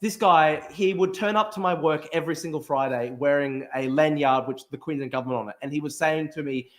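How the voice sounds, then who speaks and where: A young Australian man hosting a podcast, telling a story in casual chat with lots of restarts and swearing. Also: on the high side. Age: young adult. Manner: rapid, animated, with frequent restarts and swearing. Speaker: podcast host.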